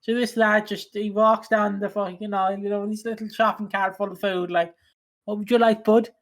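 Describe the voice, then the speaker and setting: A man's voice: high voice, level tone, brisk, fairly bright tone. A man from Britain co-hosting a casual podcast, telling stories in a rambling way and laughing often. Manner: giggly, rambling storyteller. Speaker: podcast co-host. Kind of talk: casual chat.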